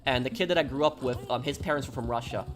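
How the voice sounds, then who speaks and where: A man's voice: medium pitch, quick pace, a little hiss or hum. A man streaming a game, chatting casually, reading chat aloud and rambling with many fillers.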